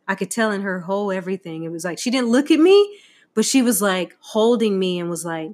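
A woman's voice: medium pitch, sing-song, a little fast, a little mellow. A middle-aged woman telling a heartfelt personal story about her mother, candid and laughing often. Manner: candid, laughing often, acting out quoted voices. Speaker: guest sharing a Mother's Day tribute.

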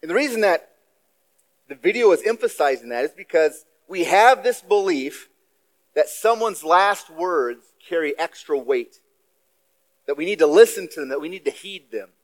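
A man giving a sermon as a guest preacher in a church, talking in a relaxed, conversational way with casual asides. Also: a little high, moderate pace, low-quality recording. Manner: conversational, self-deprecating asides.

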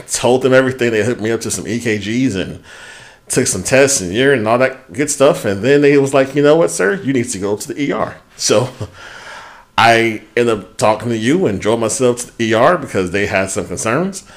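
Man, podcast co-host, casual chat, animated storytelling, frequent swearing. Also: mid-range voice. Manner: animated storyteller, swears freely, lots of restarts.

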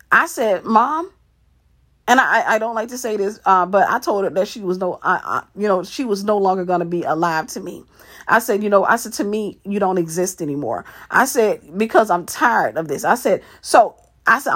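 Husky woman telling an emotional family story. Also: medium pitch, a bit bright. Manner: emotional, acts out quoted family dialogue; repeats "I said" often. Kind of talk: personal story told to camera.

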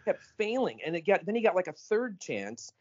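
A man co-hosting a podcast in casual chat, animated and emphatic, often cutting in. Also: high-pitched. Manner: animated, emphatic, quick to interrupt. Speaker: podcast co-host. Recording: slightly dull lo-fi audio.

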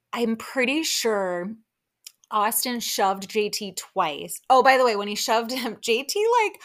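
A woman hosting a podcast, chatting casually through a recap of a reality TV episode with lots of "like" and quick laughs. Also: on the high side, fairly bright tone. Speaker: podcast host.

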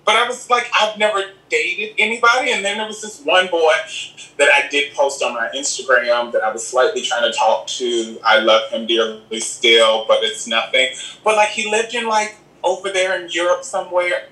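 A man speaking as an interview guest in a casual, sassy, animated chat, calling the listener "girl". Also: medium pitch, a little fast. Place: home in Los Angeles. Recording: echoey room, distant from the mic.

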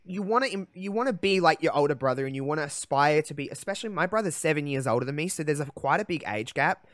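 A young man hosting a podcast, telling a personal story in a candid, emotional way, halting often with fillers. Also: a little high, lively intonation, fairly bright tone, no echo, clean studio sound. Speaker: podcast host.

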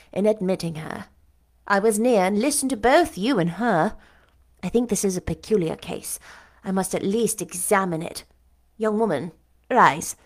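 A woman voicing a calm, authoritative young gentleman in an audiobook, speaking in a measured way. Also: mid-range voice, natural voice. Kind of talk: audiobook character reading.

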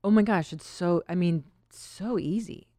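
A woman in her thirties hosts a casual podcast with a low voice. She rambles and laughs often. The sound is dry and close, with no room echo. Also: a little slow, warm tone. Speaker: podcast host. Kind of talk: casual chat.

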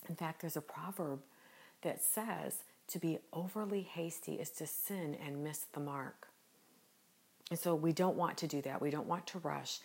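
A woman with a low voice hosts a devotional podcast. She talks slowly and gently with an earnest warmth, and a smile can be heard in her voice. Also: steady tone. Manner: gentle, unhurried and earnest, smiling as she speaks. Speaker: podcast host.

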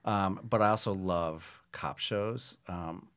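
A middle-aged man, a comedy writer, chatting in an interview in a relaxed way, laughing easily. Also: deep voice, takes it slowly, clean tone. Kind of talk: casual interview chat.

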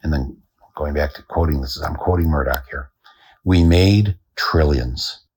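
Male podcast host, husky low voice, dry satirical monologue. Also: fairly quick. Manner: dry, deadpan telling with chuckles.

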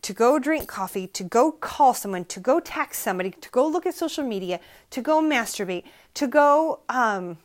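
A middle-aged woman hosting a solo motivational podcast from her bedroom, preaching with emphatic repetition and sounding emotionally drained. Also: on the high side. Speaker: podcast host.

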